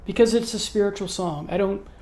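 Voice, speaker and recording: Earnest mellow-voiced music reviewer. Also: medium pitch, fairly quick. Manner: earnest, admiring, gets emotional about the music; unscripted, with frequent ums and uhs. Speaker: music video host ranking songs. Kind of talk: casual spoken review to camera.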